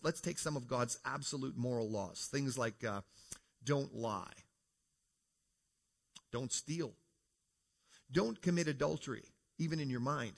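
A man's voice: medium pitch, gravelly, husky. A man from Canada giving a talk in church, speaking casually and asking the audience questions. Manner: conversational, asks the audience questions, says "folks". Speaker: preacher. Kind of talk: creation apologetics talk to a congregation.

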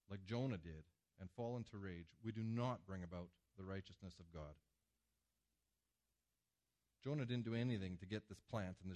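A man preaching a sermon to a congregation, with emphatic swings between loud passages and hushed ones. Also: deep voice. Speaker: pastor. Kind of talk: sermon with slides.

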